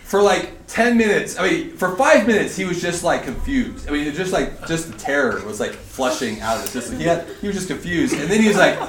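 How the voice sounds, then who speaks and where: A man in his thirties addresses a group as a conference speaker, telling an animated story and laughing as he goes. His voice is bright and forceful and sits a little high. It echoes through a large hall over a faint room hum. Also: a little fast, few pauses, recorded from a distance. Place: large indoor hall at a retreat facility.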